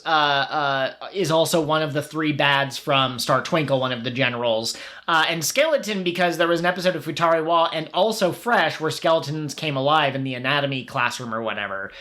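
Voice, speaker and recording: A man's voice: fairly high pitch, pushed and bright. A man co-hosting a podcast in casual chat, wry and joking, often agreeing with his partner. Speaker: podcast co-host.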